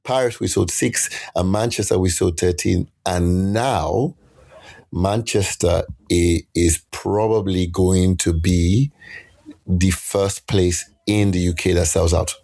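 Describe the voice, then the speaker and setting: A man with a very low, deep voice tells tour stories as a podcast guest. He talks in an animated way and often stops to restart his sentences. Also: slow pace, gravelly. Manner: animated storyteller with many restarts. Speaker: guest musician. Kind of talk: casual interview chat.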